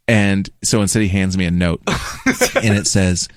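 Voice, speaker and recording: A man's voice: low voice, moderate pace, dry recording, clean studio sound. A man, a comedian guest on a morning radio show, telling funny stories and laughing through them. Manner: animated, laughing through anecdotes. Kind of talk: comic storytelling. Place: radio studio.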